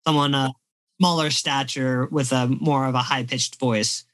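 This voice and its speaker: A man running a tabletop game as game master, describing scenes in a relaxed storytelling way. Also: mid-range voice, a little slow, rough recording.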